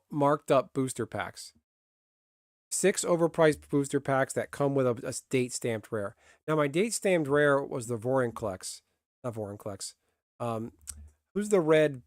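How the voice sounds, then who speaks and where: A man chats live to his stream in a blunt, grumbling way, cursing freely as he talks. His voice sits at a middling pitch. The sound is dry and close, with no room echo. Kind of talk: casual live-stream chat.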